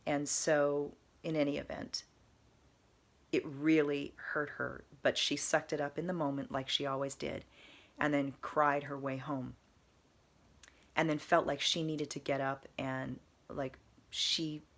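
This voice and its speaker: A woman vlogger telling a personal story in a casual, earnest, meandering way, repeating soft emphatic phrases. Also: deep voice, flat delivery, a little slow.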